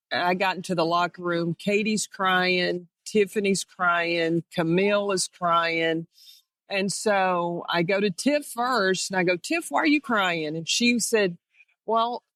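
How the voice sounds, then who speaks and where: A woman's voice: on the low side, no room sound. A middle-aged woman, a former head coach, reminiscing in an interview and acting out quoted dialogue as she tells her stories. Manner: storytelling that acts out quoted dialogue.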